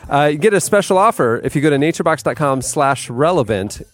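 A man's voice: a little high, lively intonation. A man hosting a podcast, reading a snack ad in a casual, upbeat way with a few fillers. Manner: brisk, upbeat ad read with fillers. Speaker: podcast host. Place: podcast studio.

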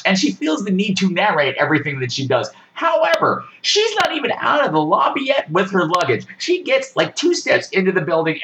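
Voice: mid-range voice, a bit bright, slight background noise, rough recording. A podcast host giving a sarcastic, exasperated rant while reviewing a horror movie, swearing freely. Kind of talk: casual ranting movie review.

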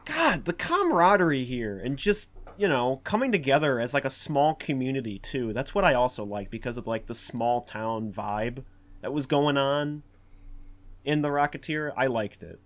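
A man leads a relaxed film discussion in an ordinary, mid-range voice. He rambles through fillers and restarts, then turns animated. His delivery is loose and conversational. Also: medium pitch, normal speed. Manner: animated, acts out quotes in a raised voice. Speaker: podcast host.

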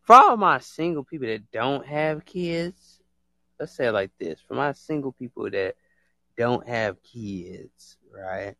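A man hosting a casual live stream, excitable and slangy, laughing a lot. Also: mid-range voice, unhurried, no echo.

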